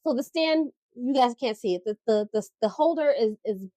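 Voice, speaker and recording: A woman co-hosting a relaxed podcast conversation, her voice sitting a little high. She reads passages aloud and then explains them in plain terms, with some playful teasing. The sound is dry and close. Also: moderate pace, dry recording. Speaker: podcast co-host. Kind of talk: casual chat.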